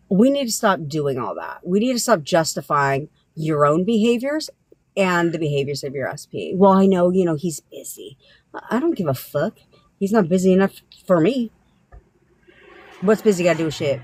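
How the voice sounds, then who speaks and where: A woman's voice: sits low, slightly rough, no echo. A woman from Southern California, a manifestation coach, ranting bluntly and profanely on a live stream, laughing often.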